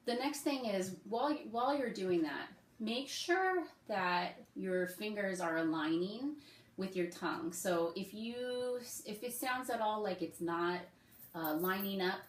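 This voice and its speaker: A woman who teaches music, giving step-by-step practice advice in a relaxed, friendly way with frequent ums and okays. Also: medium pitch, roomy sound, a little hiss or hum. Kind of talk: casual instructional talk.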